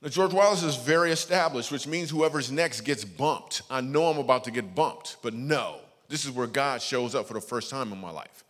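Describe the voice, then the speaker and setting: A man doing stand-up storytelling as a guest comedian, lively, acting out the voices of people in his stories. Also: medium pitch, normal speed, few pauses. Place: church stage before a live audience. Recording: echoey church hall.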